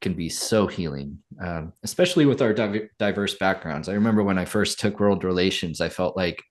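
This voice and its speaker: A man hosting a podcast, speaking in a gentle, affirming way. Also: low voice, expressive, fairly quick. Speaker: podcast host. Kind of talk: podcast conversation and show manifesto.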